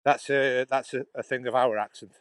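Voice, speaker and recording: A man's voice: mid-range voice, fairly even intonation, normal speed, a bit bright, smooth, dry recording, poor audio. A middle-aged man from England with a Stoke-on-Trent Potteries accent that drops his H's, chatting to live-stream viewers on a phone while walking a canal path outdoors, rambling and chuckling as he goes. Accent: Stoke-on-Trent Potteries, dropped H's. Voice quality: chatty, laughing, restarting phrases. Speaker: vlogger live-streaming a walk. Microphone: phone held while walking.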